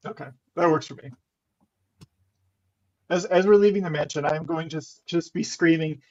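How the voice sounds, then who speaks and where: A man playing in a tabletop game, talking in a rambling, animated way and swearing when worked up. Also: on the high side, moderate pace, long pauses. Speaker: player. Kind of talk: casual tabletop game banter. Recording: dull lo-fi sound.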